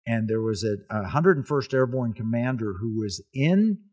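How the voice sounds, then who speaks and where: A man's voice: medium pitch, expressive, moderate pace, darkish tone, slightly rough. A man hosting a casual talk, telling a history story in an earnest, emphatic way.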